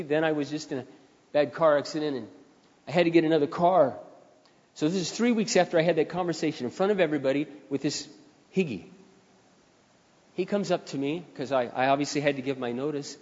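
A man's voice: on the high side, a little fast, long pauses. Male preacher, dramatic storyteller, dull sound from a big reverberant church. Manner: dramatic, shifts between passionate and quiet. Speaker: pastor. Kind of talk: sermon with storytelling.

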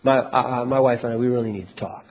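A man acting out a male salesman coworker who taunts him and later pleads quietly, in a dull, echoey hall recording. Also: mid-range voice, steady tone, fast, lightly acted. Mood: earnest.

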